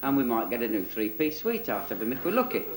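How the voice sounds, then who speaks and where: A man's voice: medium pitch, big pitch swings, fast, lightly acted. A man voicing the scornful, bossy ugly stepsisters, in a roomy echo. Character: two spiteful ugly stepsisters, bossy women.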